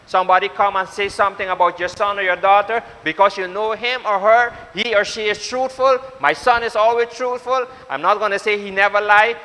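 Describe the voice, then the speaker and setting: A male pastor preaches to his congregation, his bright, high voice ringing through a church hall with long reverb. He drives his point home with insistent repetition and speaks straight to his listeners. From Suriname. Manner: repetitive, exhorting, addresses congregation directly. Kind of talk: sermon.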